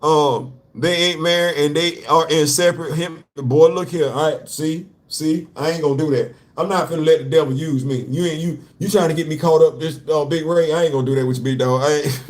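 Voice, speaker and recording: A man's voice: on the high side, fairly even intonation, brisk. A man hosting a casual comic-book commentary show, talking animatedly in slang, repeating his points and laughing often. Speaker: host.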